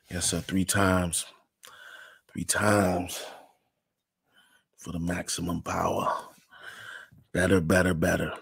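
Speaking on a livestream about faith and success, a man gives a loose inspirational talk full of "you know"s, occasionally whispering. His low voice is flat, slow, creaky, a bit bright, and slightly rough, with long pauses and no echo.

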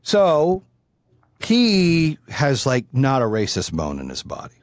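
Middle-aged male host, casual storyteller, salty and animated, mid-pitched, dead-dry sound. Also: slow, no room sound. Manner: profane, animated, acts out the people in his story.

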